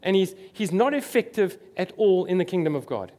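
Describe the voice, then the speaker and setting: A man's voice: high-pitched, expressive, quick pace, hardly any pauses, a little mellow. A man preaching a sermon, earnest and emphatic, repeating his key phrases.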